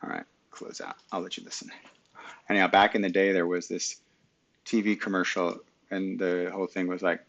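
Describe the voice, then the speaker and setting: Middle-aged male streamer, deep gravelly voice, talks back at his pc, webcam mic sound. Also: normal speed, fairly bright tone. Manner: mutters to himself and talks back to his computer. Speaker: live stream host. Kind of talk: casual screen-share talk.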